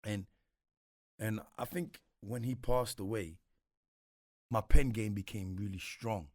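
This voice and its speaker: Thirties guy, low dry voice, reflective interview guest, slangy. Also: takes it slowly, dry recording. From Congo. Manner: reflective, slangy, repeats himself often. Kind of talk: casual interview talk.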